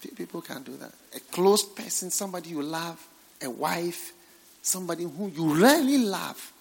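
A man preaching a sermon, swinging from hushed, near-whispered lines to loud, emphatic exhortation. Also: on the high side, animated, moderate pace, gravelly, slightly rough, in a large hall.

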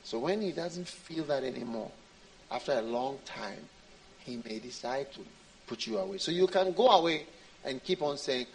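A man's voice: on the high side, lively intonation, moderate pace, rough recording. A man preaching a sermon in an emphatic, repetitive way.

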